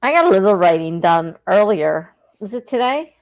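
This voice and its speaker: A woman's voice: mid-range voice, very animated, moderate pace, muffled recording. A woman from the East Coast of the United States hosting a casual livestream, rambling and correcting herself as she grows sleepy. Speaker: livestream host of writing sprints.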